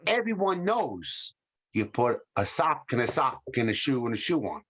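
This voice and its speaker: A man's voice: medium pitch, big pitch swings, moderate pace, fairly bright tone, breathy edge. A man co-hosting a casual comedy podcast, rambling through stories and acting out the voices he quotes. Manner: rambling storyteller who acts out quoted voices. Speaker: podcast co-host.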